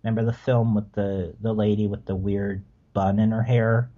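Male podcast guest with a mellow, dark voice, telling relaxed rambling stories, slightly dull lo-fi sound. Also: on the low side, normal speed. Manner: relaxed, rambling, frequent restarts. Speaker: podcast guest, former theme park worker. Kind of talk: casual storytelling.

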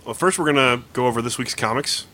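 A man's voice: mid-range voice, fast talker, pushed and bright, a little hiss or hum. A man hosting a casual comics podcast, recapping stories at length in an upbeat way. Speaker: podcast host.

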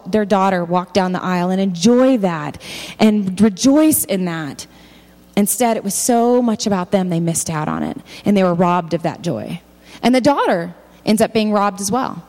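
A woman delivers a sermon at a middle pitch, reading scripture passages and breaking off to address her listeners. Her voice trails off into a long hall reverb. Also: a little mellow. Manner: reads scripture aloud, then breaks off to comment directly to listeners. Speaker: speaker giving a faith talk.

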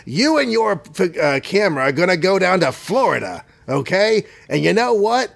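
A man's voice: high-pitched, big pitch swings, normal speed, gravelly, pitched above the performer's own voice, exaggerated voice. A man voicing a blustering, bossy newspaper editor from a cartoon. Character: blustering, shouting middle-aged newspaper boss, man.

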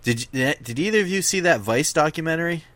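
A man's voice: fairly high pitch, lively intonation, fast, a bit bright, no room sound. A man co-hosting a casual comic book podcast, chattily recapping the latest news for listeners. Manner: chatty, recapping news, talks over others. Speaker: podcast co-host.

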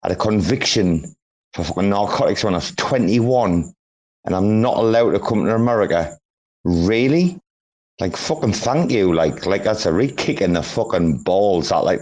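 A man's voice: fairly low pitch, a little mellow. A man in his forties, rambling and swearing freely in a casual group audio chat, with frequent restarts. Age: 40s.

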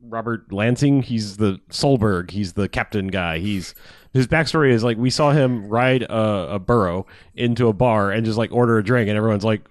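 A man casually recapping a movie plot on a podcast, slipping into quick character voices and laughing as he goes. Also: fairly low pitch, no room sound, studio quality. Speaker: podcast co-host. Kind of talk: casual movie review chat.

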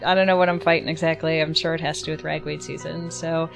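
A woman co-hosting a podcast, speaking in a relaxed, wry way. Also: low voice, fast talker, vocal fry, soft background music. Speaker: podcast co-host. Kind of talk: casual podcast chat.

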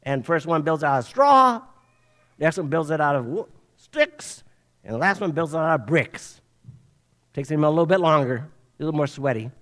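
An older man preaching a sermon, telling a children's story with an animated preacher's delivery. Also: fairly high pitch, normal speed. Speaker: pastor.

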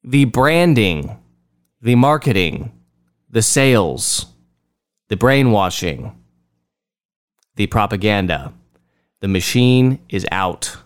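A man's voice: fairly low pitch, big pitch swings, slow pace, pauses often, clean tone. A man hosting a political commentary show, talking in a sarcastic, mocking way and repeating phrases to ridicule them. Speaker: host.

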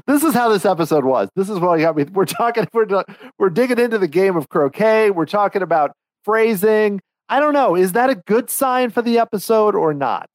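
A man co-hosting a podcast, chatting casually in an animated, rambling way with frequent restarts. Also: high voice, normal speed, dry recording, rough recording. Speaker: podcast co-host. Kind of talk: casual chat.

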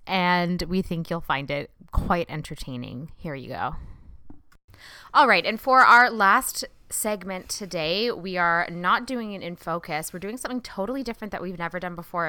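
An upbeat woman hosting a podcast, speaking briskly. Her voice is bright and lively, with plenty of pitch movement. The sound is dry and close. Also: clear, resonant tone, dry recording. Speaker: podcast host. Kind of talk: casual podcast talk.

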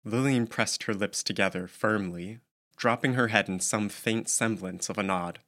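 A man narrating an audiobook in a measured storytelling manner. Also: lowish voice, fairly bright tone. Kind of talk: scripted narration.

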